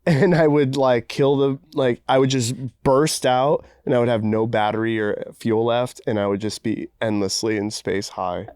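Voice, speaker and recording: Smooth-voiced man rambling casually. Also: mid-range voice, steady tone, moderate pace, hardly any pauses, darkish tone, dry recording, clean studio sound. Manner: laid-back, rambling, says "like" a lot. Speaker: podcast co-host. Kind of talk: casual film-review banter.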